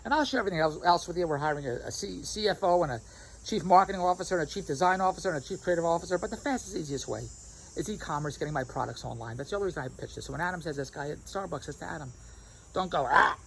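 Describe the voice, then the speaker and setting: A man in a rambling, animated vlog monologue who keeps imitating other people's voices as he tells his stories. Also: fairly high pitch, very fast, creaky, a little hiss or hum, rough recording. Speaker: vlogger. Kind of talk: rambling self-recorded monologue.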